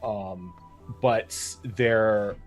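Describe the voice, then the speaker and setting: A man's voice: on the low side, extremely slow, highs cut off, faint music behind. A man narrating a tabletop game as game master, casual and full of fillers. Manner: casual, with many fillers and laughs.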